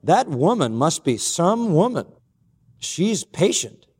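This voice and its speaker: A man preaching a sermon in an earnest, emphatic way, working through slow lists of points. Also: fairly high pitch, sing-song, a little mellow, breathy edge, long reverb tail. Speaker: pastor.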